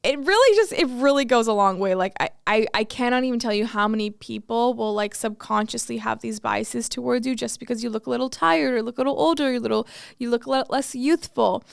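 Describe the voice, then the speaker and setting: A woman's voice: a little high, fairly quick, gravelly, clean tone, no echo, studio quality. A woman in her twenties giving earnest, casual life advice to camera, full of "like" fillers. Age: 20s. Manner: earnest, filler-heavy with many "like"s. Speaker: vlogger.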